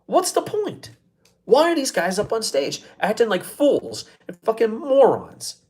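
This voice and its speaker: A man's voice: high voice, huge pitch swings, unhurried, darkish tone. A man hosting his own live show, ranting casually with a lot of profanity and exasperation. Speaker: show host.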